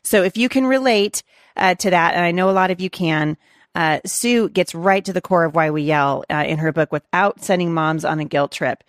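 A woman's voice: on the low side, moderate pace, no echo, clean studio sound. A woman hosting an interview, asking long rambling questions full of fillers. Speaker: interview host. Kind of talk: conversational interview.

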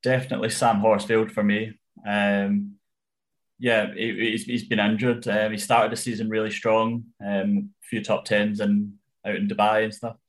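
Low, flat-voiced man giving golf tips. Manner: analytical, measured, with frequent ums. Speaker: golf betting tipster. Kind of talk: casual chat.

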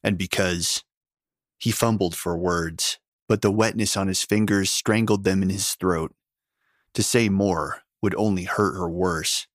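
A man narrates a story in a steady, measured way. His low voice is recorded close and dry. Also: no room sound. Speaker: audiobook narrator. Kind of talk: scripted narration.

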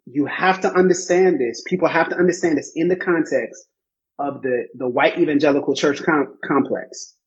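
A man co-hosting a casual podcast, speaking emphatically and in a preachy way, repeating his points for emphasis. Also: medium pitch. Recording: slightly muffled lo-fi audio.

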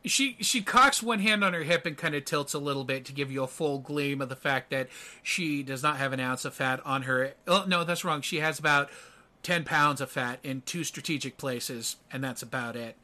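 A man narrating as game master of a tabletop role-playing game, quick and animated. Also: medium pitch.

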